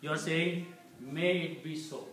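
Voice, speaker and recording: Male teacher, slightly high voice, patient, repeats words, very echoey room, distant mic. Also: measured pace, a bit bright, slight background noise. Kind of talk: Arabic language lesson.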